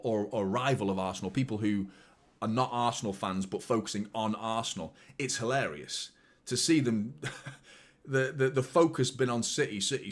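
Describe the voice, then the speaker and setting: A young man rambles through a live match watchalong. His voice sits at an ordinary pitch for a man. He swears freely, repeats himself and gets excitable. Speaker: football watchalong host.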